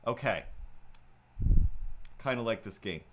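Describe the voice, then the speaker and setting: A man's voice: medium pitch, animated, takes it slowly, fairly bright tone. A man hosting a livestream, chatting casually and rambling as he draws, with lots of filler words. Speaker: livestream host. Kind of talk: casual chat while drawing on a livestream.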